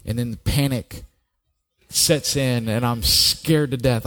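A man's voice: mid-range voice, steady tone, moderate pace, fairly bright tone. A middle-aged man, a pastor, telling his own story in a sermon, earnest and often repeating a word as he starts a thought. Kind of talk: sermon with personal testimony.

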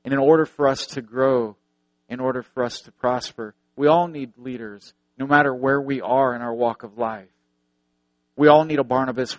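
A man's voice: mid-range voice, dry recording, dull audio. A man preaching a sermon, earnest, repeating phrases for emphasis and telling stories.

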